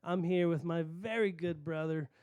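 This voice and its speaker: High-voiced, smooth-sounding male podcast host. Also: normal speed, darkish tone, no echo, studio quality. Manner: loose, profane, stumbles and repeats words. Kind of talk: casual chat. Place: studio.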